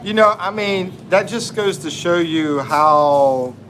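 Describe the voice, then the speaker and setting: With a high, slightly bright voice, an American livestream host in the Philippines laughs and chats in a slow, drawn-out manner while going through viewer comments. A little hiss or hum is audible.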